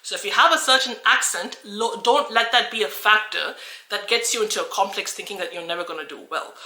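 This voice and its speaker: An Australian woman who coaches English talks earnestly and encouragingly to camera in a talking-head video, restarting often. Her medium-pitched voice is sharp and a little fast, and the low-quality recording sounds roomy.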